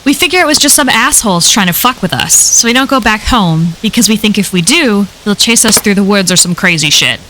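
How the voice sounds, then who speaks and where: A woman's voice: medium pitch, animated, fairly quick, few pauses, sharp tone, slight background noise. A woman reading a first-person horror story aloud on a live stream, in a casual, conversational telling full of swearing.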